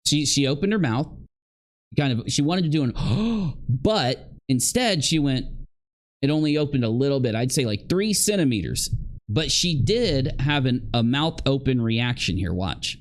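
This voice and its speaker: Speaking in a very animated yet unhurried mid-range voice, a man provides casual livestream commentary. He talks directly to his viewers and acts out how the people in the clips react.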